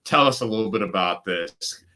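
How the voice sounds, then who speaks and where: Bright-voiced male physician host. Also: on the low side, expressive, normal speed. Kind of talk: casual interview.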